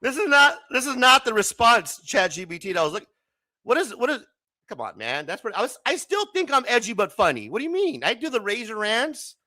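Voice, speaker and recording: Male livestream host with a bright, high, very animated voice that swings up and down a lot. He keeps it casual and joking, laughs often and swears freely. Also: fairly quick. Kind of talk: casual late-night livestream chat.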